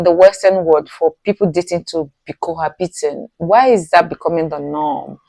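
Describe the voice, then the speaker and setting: A woman with a Nigerian accent reacts to a clip as the host of her channel. She sounds incredulous and moralizing, with a slightly low voice. The room is dry and close. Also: moderate pace, creaky, few pauses, dark tone, dry recording. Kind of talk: reaction commentary.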